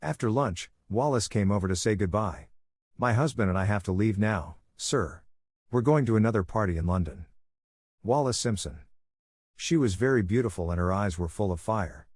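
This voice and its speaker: A man reading a story aloud in a slow, clear way for language learners. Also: fairly low pitch, lively intonation, darkish tone, no room sound, studio quality. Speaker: story narrator. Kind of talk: scripted narration.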